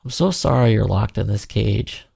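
A man's voice: on the low side, animated, normal speed, creaky, a little mellow, slightly rough, heavily acted. A man voicing an earnest, kind-hearted young man who stammers and apologizes. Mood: eager.

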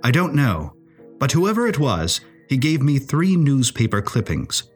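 A man's voice: mid-range voice, big pitch swings, measured pace, breathy edge, faint music behind, pitched above the performer's own voice. A man voicing a cool, guarded young woman sleuth.

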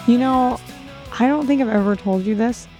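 A woman's voice: on the high side, darkish tone, soft background music. Bubbly young woman hosting a podcast. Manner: bubbly storytelling, quick asides. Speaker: podcast host. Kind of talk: casual chat.

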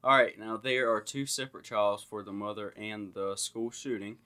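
A man co-hosting a podcast, reading out a true-crime case in a steady, matter-of-fact way. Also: on the low side, normal speed. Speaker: podcast co-host.

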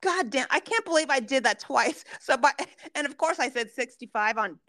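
A young woman with a high, ringing voice tells a story as a podcast co-host. She swears often and stays animated the whole time. The sound is dry and close. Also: normal speed, dry recording. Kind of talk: casual chat.

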